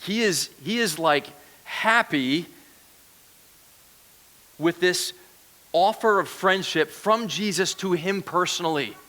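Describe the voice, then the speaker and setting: Man, guest preacher, conversational sermon, bright tone, fairly high voice. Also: slow, long pauses. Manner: conversational, asks the congregation questions. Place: church.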